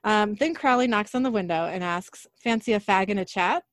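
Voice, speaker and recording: A woman's voice: mid-range voice, a little fast, no room sound. Dry-voiced woman recapping a show. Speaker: podcast co-host recapping an episode. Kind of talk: casual recap, reading scene dialogue aloud.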